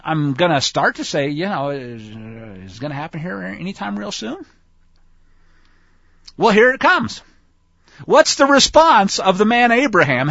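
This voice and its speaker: Lively high-voiced man teaching Scripture. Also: no room sound. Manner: folksy, animated, asides to listeners. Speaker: Bible teacher. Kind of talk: conversational Bible teaching. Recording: dull lo-fi dry recording.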